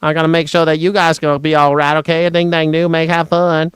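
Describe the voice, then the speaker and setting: A man's voice: on the high side, little pitch movement, brisk, clear, resonant tone, dry recording, voice pushed up, close to an everyday voice. Man impersonating a folksy old southern senator, raised drawling voice, rambling.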